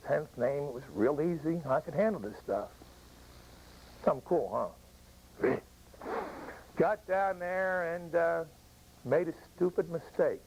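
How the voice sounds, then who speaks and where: An older American man, a veteran, telling an emotional personal war story with halting pauses. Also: a little high, a little mellow, a little hiss or hum, rough recording. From United States. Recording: old radio broadcast recording.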